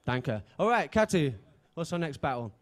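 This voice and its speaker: A man's voice: a little high, sing-song, normal speed. A man emceeing a live beatbox event on stage, chatty and joking as he hypes the crowd. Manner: hyping the crowd, chatty and jokey. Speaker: event host.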